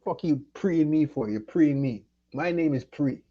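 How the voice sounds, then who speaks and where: A man's voice: a little high, animated, normal speed, highs cut off. A man from Jamaica ranting angrily and profanely at someone during his livestream. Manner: angry, profane, confrontational. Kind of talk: heated livestream rant.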